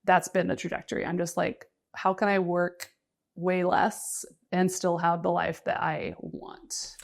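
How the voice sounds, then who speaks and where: A woman's voice: on the low side, flat delivery, measured pace, creaky. A young woman from the United States, a freelance writer talking casually in an interview, chatty with many fillers and restarts. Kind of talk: casual conversation.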